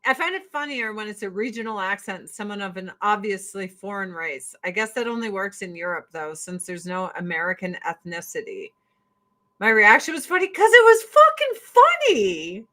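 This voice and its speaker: A woman's voice: mid-range voice, big pitch swings, normal speed, bright, forceful tone, low-quality recording. A woman hosting a casual commentary stream, ranting sarcastically and swearing freely. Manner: sarcastic, profane, exasperated.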